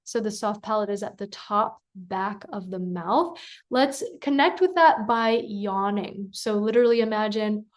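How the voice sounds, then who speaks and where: A woman vocal coach giving a singing lesson, calm and encouraging, who breaks into sung syllables to demonstrate. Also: medium pitch, a little slow.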